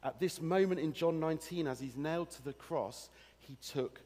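A man preaching a sermon to a congregation, acting out a story with animated, direct address. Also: fairly high pitch, moderate pace. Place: church hall. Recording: long hall reverb.

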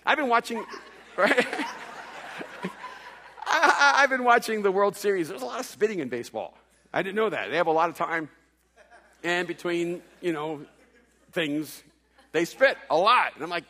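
A man preaching a sermon, telling a story with playful humor and quick stammered restarts. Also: high voice, expressive, pushed and bright. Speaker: pastor. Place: large hall with long reverb. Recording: echoey hall reverb.

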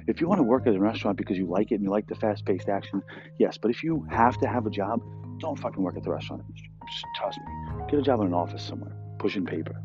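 A man who works as a restaurant cook, telling a story in a blunt, profane, animated rant. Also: on the low side, fast. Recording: dull lo-fi with faint music.

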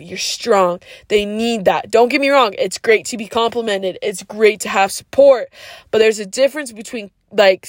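Woman, podcast host, higher voice, dry close sound, casual earnest monologue, preachy, slang and "like" fillers. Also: no room sound. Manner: frequent "like" fillers.

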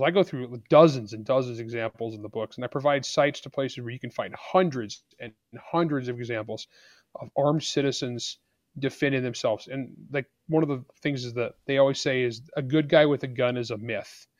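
A man's voice: mid-range voice, a little fast, darkish tone, no echo, highs cut off. A man speaking as an author and guest on a podcast interview, arguing his points bluntly and with emphasis.

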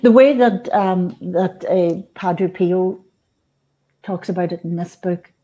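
A woman in her fifties from Northern Ireland, a guest on an interview show, talking earnestly and gently with frequent restarts and soft laughs. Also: lowish voice, slow, dull audio. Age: 50s. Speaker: guest, spiritual author. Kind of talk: conversational interview.

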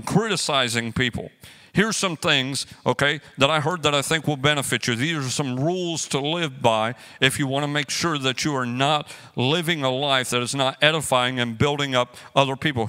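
A man preaching a sermon as pastor, joking and acting out everyday quarrels as he teaches. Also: a little high. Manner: animated, joking storyteller who acts out quotes.

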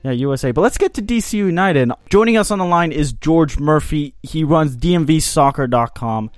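A man's voice: a little high, lively intonation, a little fast, dry recording, soft background music. A man from the United States hosting a soccer podcast in casual chat, teasing his co-hosts and laughing often. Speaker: podcast host.

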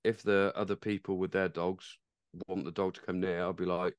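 A man's voice: sits low, little pitch movement, normal speed, clear, resonant tone, no room sound. A man hosting a casual pub-style podcast, chatty and swearing freely, with frequent restarts. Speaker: podcast host.

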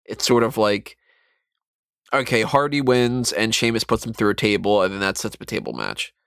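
A man talking casually as a podcast co-host, animated and rambling, with mocking asides. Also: fairly low pitch, moderate pace, gravelly, clear, resonant tone, dry recording, clean studio sound. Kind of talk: casual wrestling chat.

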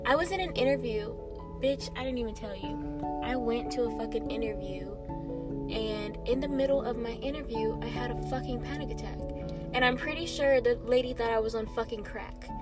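A woman's voice: fairly high pitch, moderate pace, over loud music. A young woman hosting a podcast, chatting casually with lots of swearing. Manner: profane, animated, swears a lot. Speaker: podcast host. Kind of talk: casual chat.

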